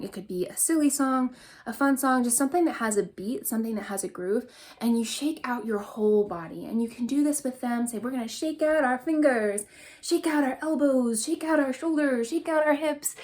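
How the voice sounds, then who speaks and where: A woman's voice: fairly high pitch, darkish tone. A young adult woman, a mother, teaching a parenting workshop on handling anger in an earnest, encouraging way, walking listeners through exercises as she does them. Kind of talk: instructional workshop talk.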